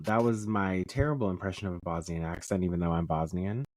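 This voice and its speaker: A man's voice: deep voice, quick pace, few pauses, a little mellow, no echo. A man co-hosting a casual podcast, joking around with playful, silly asides. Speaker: podcast co-host. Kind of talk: casual chat.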